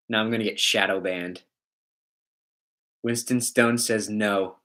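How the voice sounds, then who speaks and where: A man's voice: lowish voice, steady tone, unhurried, pushed and bright. A man chatting his way through a casual livestream, reading viewers' comments aloud and riffing on them. His talk wanders and jokes along, and he laughs often as he goes. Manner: rambling, joking, laughs often.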